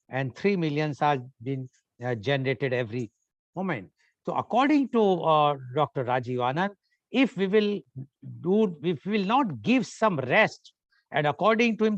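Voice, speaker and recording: A man with an Indian English accent moderates a media conference, summarizing a speaker's points with frequent hesitations. His voice sits a bit higher than most men's. The recording is dry and dull. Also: dry recording. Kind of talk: moderating a panel.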